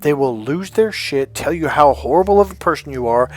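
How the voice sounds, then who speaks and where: A man's voice: fairly high pitch, lively intonation, a little fast, a little hiss or hum. Blunt emphatic male life coach. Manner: blunt and emphatic, acts out quoted voices. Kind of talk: motivational monologue.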